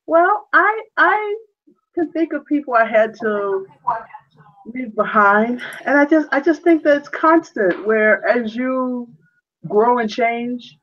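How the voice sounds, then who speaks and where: A woman's voice: fairly high pitch, expressive, slow pace, fairly bright tone, muffled recording. A woman in a casual discussion over a video call, reflective and given to laughing stories.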